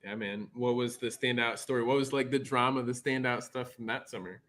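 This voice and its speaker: A man's voice: mid-range voice, fairly even intonation, brisk, fairly bright tone. A man from Nebraska hosting a podcast, chatting casually over a remote call in an upbeat, friendly way and asking chatty questions. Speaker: podcast host. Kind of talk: casual interview chat.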